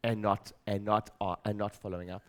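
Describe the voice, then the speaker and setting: A middle-aged man talks from a stage to a seminar audience in a voice sitting on the lower side. He hammers points home by repeating phrases and voicing his own nagging inner thoughts, and he keeps turning to the room with questions. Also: little pitch movement, a little fast. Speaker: speaker at a practice-building seminar. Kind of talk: motivational stage talk.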